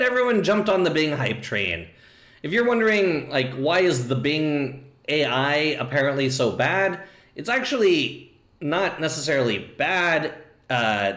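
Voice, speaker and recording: Animated male streamer in an echoey room. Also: mid-range voice. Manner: animated, laughing asides, fillers. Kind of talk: casual live-stream commentary.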